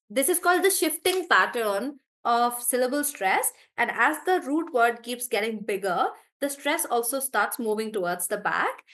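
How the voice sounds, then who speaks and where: A woman teaching English pronunciation in a live class, repeating each word slowly to model the stress and calling on students by name. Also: a little high, fairly bright tone. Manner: calls on students by name and checks in with them.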